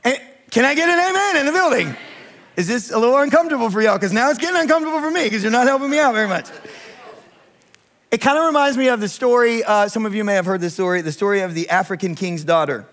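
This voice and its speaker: A man's voice: high-pitched, quick pace, fairly bright tone. A man in his thirties, a pastor giving a humorous storytelling sermon, chatty and joking as he asks the congregation to raise their hands. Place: church sanctuary with congregation.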